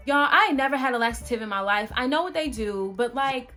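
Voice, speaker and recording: A young woman chats straight to her viewers in a casual storytime, her fairly high voice bouncing around as she gets animated and exclaims. Soft music plays faintly behind her. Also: fairly quick. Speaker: vlogger.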